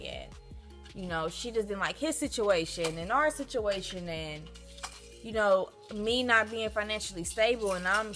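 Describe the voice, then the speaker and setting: A young woman tells a personal story straight to the camera, chatty and full of "like" fillers. Her voice is bright and forceful and sits a little low in pitch, and faint music plays behind her. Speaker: vlogger. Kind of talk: storytime vlog.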